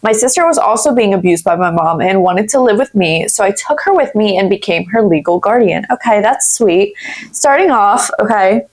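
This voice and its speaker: A woman's voice: mid-range voice, lively intonation, normal speed. A woman YouTuber chatting in her home office, rambling and blunt as she reads online posts aloud and reacts to them with swearing. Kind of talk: casual chat and reading with commentary.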